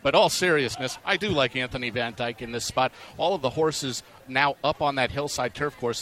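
A man's voice: medium pitch, a bit bright. A man giving horse racing analysis on sports radio, talkative and explanatory with a joking streak.

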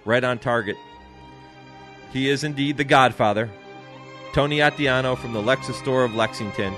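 A man hosting a radio talk show, easygoing and chatty and quick to laugh. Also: medium pitch, a bit bright, soft background music.

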